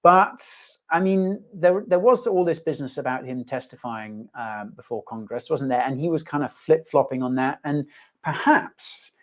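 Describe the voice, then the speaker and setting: A man's voice: a little high, lively intonation, moderate pace. A man hosting a casual livestream, chatty and jokey, rambling with lots of fillers and restarts. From United Kingdom. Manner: jokey, self-mocking, reading viewer comments aloud. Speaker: host.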